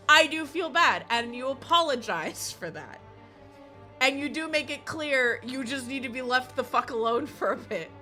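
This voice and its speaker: A woman's voice: high-pitched, expressive, a little slow, pushed and bright, faint music behind. A woman streamer chatting casually while gaming, swearing constantly and laughing often as she rants. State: recovering from illness.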